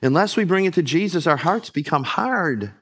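A man preaching a sermon, earnest, rising on emphasis and dropping soft and low on solemn lines. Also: expressive, moderate pace, slightly rough.

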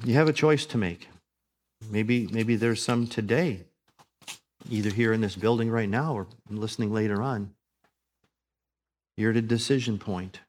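A male pastor preaching in a church, his voice sitting a little low. He builds to emphatic, fervent peaks. Then he settles into a softer, prayerful tone. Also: normal speed, pauses often. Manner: rising to emphatic preaching, then praying softly. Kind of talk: sermon.

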